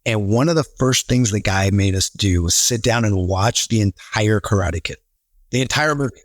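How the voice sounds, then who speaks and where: Guy chatting on a podcast, animated storyteller, dry close sound. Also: on the low side, normal speed, no echo. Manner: animated storyteller, acts out quotes. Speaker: real estate team leader, podcast guest. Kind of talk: casual podcast conversation.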